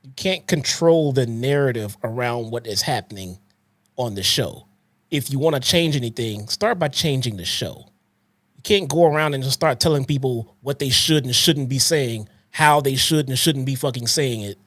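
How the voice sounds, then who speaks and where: A man's voice: medium pitch, normal speed, a bit bright, no echo. A man co-hosting a podcast, lecturing emphatically and swearing as he argues his point. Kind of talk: heated podcast rant.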